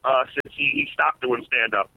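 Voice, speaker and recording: A man who is a stand-up comedian, talking as a guest in a casual interview. He speaks in a relaxed way and stutters on repeated words. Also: mid-range voice, moderate pace, gravelly, no room sound. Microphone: phone. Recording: tinny phone line.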